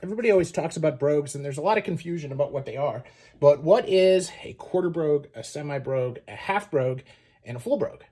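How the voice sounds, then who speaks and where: Husky man explaining shoes casually. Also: on the high side, fast. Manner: relaxed, many fillers, pointing things out. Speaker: shoe channel host. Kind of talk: casual show-and-tell explainer.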